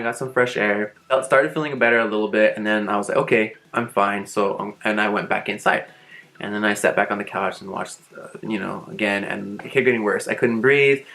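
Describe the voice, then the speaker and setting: A young man with a slightly low voice tells a storytime vlog in a loose, chatty way. He piles on fillers and swears offhandedly as he goes, and faint music plays underneath. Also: low-quality recording. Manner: casual, animated retelling with frequent fillers and swearing. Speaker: vlogger.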